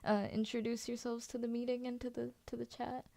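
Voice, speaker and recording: A woman's voice: a little high, level tone, fairly quick, vocal fry, warm tone, dry recording. A woman hosting a voice-acting workshop on a video call, talking casually with many "like"s and "you know"s. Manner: filler-heavy, "like" and "you know".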